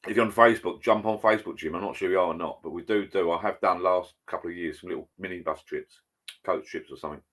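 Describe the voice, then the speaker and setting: A man's voice: low-pitched, steady tone, quick pace, fairly bright tone. An older man hosting a casual livestream from his home bar, chatty and rambling, reading viewer comments aloud. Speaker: livestream host. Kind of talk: casual live chat.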